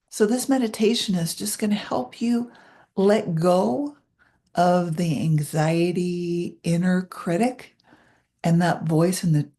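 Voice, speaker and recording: A woman in her sixties who leads meditations, talking candidly and with self-deprecating humor before easing into a soft, hushed guided meditation. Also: fairly low pitch. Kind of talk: casual talk leading into a guided meditation.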